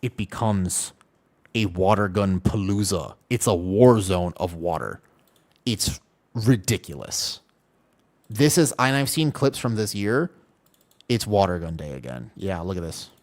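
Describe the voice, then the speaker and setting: Keyboard clicks sound in the background as a man with a low, unhurried voice livestreams a game. He's chatty and animated, calling out viewers in chat by name as they talk casually.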